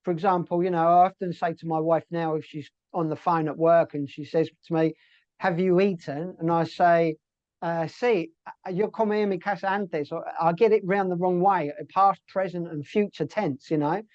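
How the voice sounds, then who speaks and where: A man's voice: fairly high pitch, little pitch movement, moderate pace, darkish tone, no room sound, dull audio. A middle-aged British man telling stories in a casual interview, full of fillers and restarts. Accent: British English. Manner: chatty storyteller, many fillers and restarts. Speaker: interview guest.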